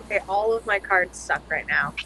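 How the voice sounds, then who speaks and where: Bright-voiced wry woman. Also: mid-range voice, moderate pace, vocal fry, slight background noise, low-quality recording. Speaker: card game player. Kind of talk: casual gaming chat.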